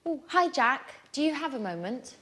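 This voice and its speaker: A woman's voice: sits high, very animated, normal speed, over loud music. An actress playing a young woman who earnestly asks a friend for advice in a scripted course-book dialogue. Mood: friendly. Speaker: dialogue character in a language course.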